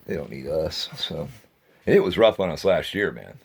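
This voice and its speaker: A man's voice: very deep voice, sing-song, moderate pace, gravelly, slightly rough. A middle-aged man talking to the camera in a rambling casual vlog, chatty and meandering, with grumbling asides. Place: outdoors near a dumpster.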